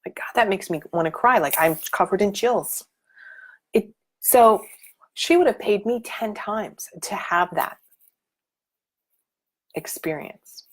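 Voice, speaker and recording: A middle-aged woman, a life coach, talking casually and emphatically on a live stream, motivational and animated. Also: medium pitch, slow pace, pauses often.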